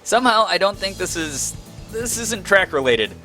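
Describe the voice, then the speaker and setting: A young man reading a visual novel aloud as its narrator, breaking off into animated, self-mocking commentary. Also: sits high, normal speed, soft background music. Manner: animated, laughing asides between read lines. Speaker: game streamer.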